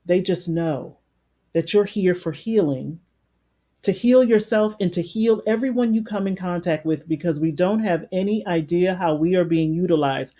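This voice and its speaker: A woman life coach with a big, loud voice leading a live-streamed guided meditation. She talks conversationally, greets viewers by name and repeats phrases for emphasis. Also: lowish voice, moderate pace.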